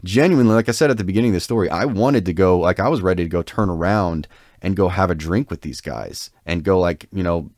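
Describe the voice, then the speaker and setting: Fast-talking and low-voiced with a darkish tone, a man co-hosts a podcast, captured in clean studio sound with no room noise. His lengthy, casual anecdote rambles with heavy filler use and self-deprecating remarks.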